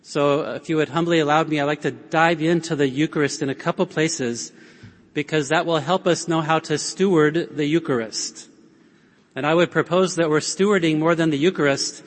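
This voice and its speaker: A man's voice: on the high side, normal speed. Earnest male preacher in a reverberant hall. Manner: earnest, prompts audience with "right?" and call-and-response. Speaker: speaker at a Catholic conference. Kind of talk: conference talk preaching to an audience. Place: large conference hall.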